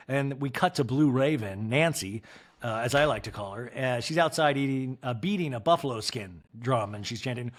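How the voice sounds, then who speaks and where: A man's voice: medium pitch, fairly quick. A man hosting a podcast, recapping reality TV in a campy, theatrical way and mimicking the cast. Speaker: podcast host.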